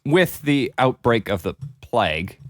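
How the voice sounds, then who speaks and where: A man trading improvised comedy bits and playing a backward commoner with a straight face. His pitch moves around a lot as he talks. The sound is close and dry, with no room echo. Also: big pitch swings, a little slow, fairly bright tone. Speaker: podcast co-host.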